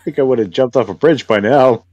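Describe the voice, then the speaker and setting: A man's voice: mid-range voice, normal speed, darkish tone, dull audio. A man hosting a podcast, answering a prank call in a dry, amused way. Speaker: podcast host. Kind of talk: casual chat.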